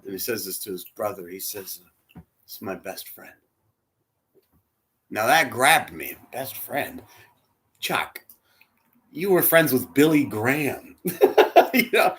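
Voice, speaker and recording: A man leading a church, telling a heartfelt personal story in a sermon, dropping to a hush and rising loud as he acts out the quotes. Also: fairly low pitch, a little hiss or hum. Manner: emotional, swings from hushed to loud, acts out quotes. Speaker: church spiritual leader.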